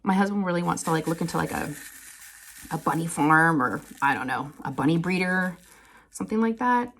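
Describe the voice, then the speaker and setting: A woman, chatting casually to her viewers and telling an animated family story with frequent laughter. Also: a little fast, a little hiss or hum. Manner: chatty, animated, laughs often, quotes people in higher voices. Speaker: crafting channel host.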